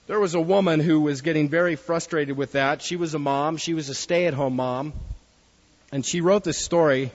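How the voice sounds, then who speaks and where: A man's voice: fairly high pitch, fairly even intonation, a little fast, hardly any pauses, long reverb tail, muffled recording. A man preaching a sermon in an earnest way, reading a story aloud to his listeners.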